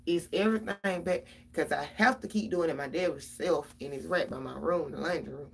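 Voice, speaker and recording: A woman's voice: low voice, moderate pace, vocal fry, hardly any pauses, slightly rough. A middle-aged mother, venting casually and profanely straight to her viewers about her kids.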